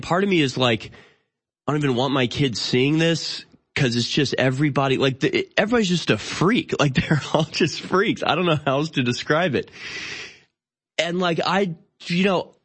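A man in his thirties hosting a talk show, delivering an opinionated monologue. He rants in an exasperated, incredulous way, with sardonic asides and halting restarts. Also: on the high side, a bit bright, slightly rough. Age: 30s. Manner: halting, with frequent restarts and fillers. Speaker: show host.

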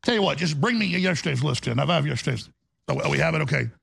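A male talk radio host with a gravelly, raspy voice, rambling in an impassioned studio monologue with restarts and rising outbursts. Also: a little high, animated, fast, fairly bright tone, no room sound. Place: broadcast studio.

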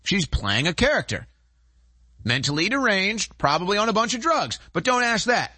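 A man's voice: high-pitched, very animated, moderate pace, bright, forceful tone, no room sound. A man hosting a show, delivering a heated political commentary monologue in an indignant, emphatic way, piling up rhetorical questions. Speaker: show host.

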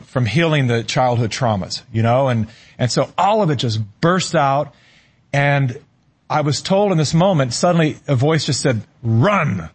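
This is a middle-aged man with a mid-range voice and a breathy edge. As a talk show guest, he recounts something personal in an earnest, stop-start manner, repeating himself while searching for words.

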